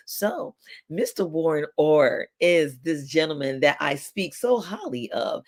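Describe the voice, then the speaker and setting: Gravelly, upbeat man hosting a stream. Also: a little high. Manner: upbeat, chatty, addresses audience as y'all. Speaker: host. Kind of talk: live-stream show hosting.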